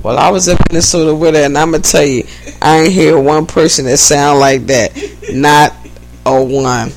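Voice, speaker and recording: A man from the Philadelphia–New Jersey area co-hosting a podcast, telling animated stories in casual chat and laughing often. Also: on the high side, moderate pace, gravelly, rough recording. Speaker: podcast co-host.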